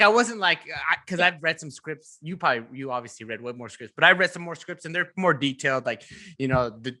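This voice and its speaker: A man hosting a casual podcast chat, talking in an animated way and laughing often. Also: mid-range voice. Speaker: podcast host.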